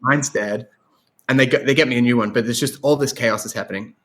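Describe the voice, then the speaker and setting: An Irish man, a guest songwriter, talking in a rambling, animated way in a casual interview. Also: mid-range voice, fast. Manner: rambling, animated storyteller with laughs and restarts.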